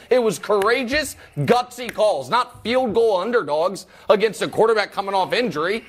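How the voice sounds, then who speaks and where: High-voiced animated male sports host. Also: moderate pace, few pauses. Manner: animated, mock-outraged teasing. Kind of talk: bantering football picks talk.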